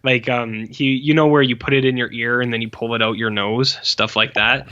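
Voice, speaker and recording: A forties-aged man co-hosting a podcast keeps a steady tone at a moderate pace, his medium-pitched voice bright and forceful. He chats casually about an old film, rambling with profane asides and lots of fillers, on lo-fi sound.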